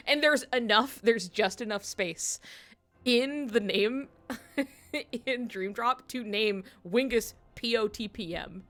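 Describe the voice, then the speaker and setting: A woman's voice: a little high, slow pace. A woman streaming a video game at home, chatting casually and telling stories with lots of giggles. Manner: giggly, animated storytelling. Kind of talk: casual chat while playing a video game.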